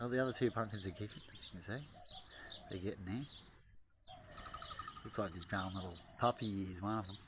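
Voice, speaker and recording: A man's voice: lowish voice, steady tone, fairly quick, pauses often, background noise. A man vlogging outdoors in a backyard in a casual, jokey way, chatting to camera and to the birds. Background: birds chirping.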